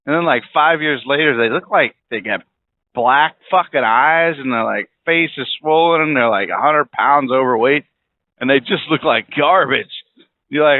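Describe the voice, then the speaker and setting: A man's voice: medium pitch, normal speed, no echo. A man hosting a podcast, rambling bluntly and swearing freely while driving in a car. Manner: rambling, profane, blunt opinions. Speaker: podcast host. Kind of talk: casual monologue. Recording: tinny phone-like audio.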